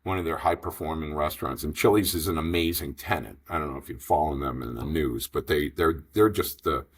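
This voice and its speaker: A man in his fifties telling a long business story in an interview, animated and rambling, acting out the dialogue. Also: rumbling low, fairly quick, slightly rough. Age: 50s. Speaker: franchise investor guest.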